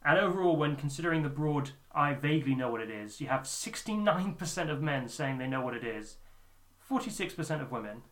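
A man's voice: a little high, expressive, fairly quick. A man co-hosting a podcast in casual political chat, explaining poll figures step by step. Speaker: podcast co-host.

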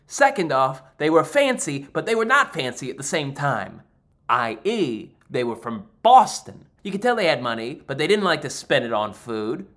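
A man telling a stand-up comedy story, animated and exasperated with deadpan asides. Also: a little high.

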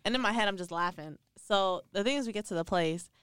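A woman co-hosting a podcast, telling a story in animated, slangy casual chat with frequent laughs. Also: mid-range voice, fast, clean tone, no room sound, clean studio sound. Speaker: podcast co-host.

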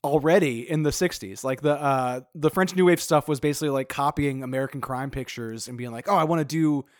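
A man's voice: mid-range voice, brisk, dry recording, clean studio sound. A young adult man co-hosting a podcast, chatty and wry with plenty of fillers. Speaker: podcast co-host. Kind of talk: casual chat.

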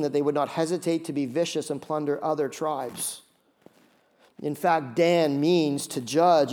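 A man preaching a sermon, telling a story with animated asides and acted-out voices. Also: fairly high pitch. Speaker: pastor.

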